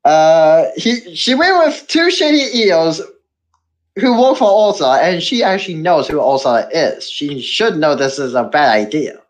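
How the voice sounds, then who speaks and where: A woman on a casual podcast, going through her points from notes with animated energy. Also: low voice, moderate pace. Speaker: podcast co-host.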